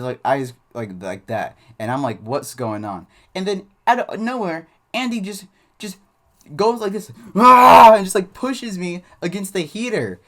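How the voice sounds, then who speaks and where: A man's voice: on the high side, darkish tone. A man hosting his channel, rambling through a casual storytime with many fillers and restarts. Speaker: channel host.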